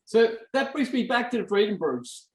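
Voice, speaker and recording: A man's voice: sits high, sing-song, moderate pace, roomy sound, far from the mic, rough recording. A man asking questions in a radio interview, earnest and stammering on repeated words. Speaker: interviewer, dementia advocate.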